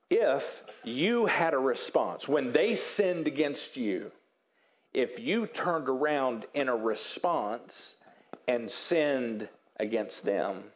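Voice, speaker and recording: In a mid-range voice, a pastor delivers a sermon with earnest emphasis and dramatic pauses. He softens his voice whenever he performs quoted apologies.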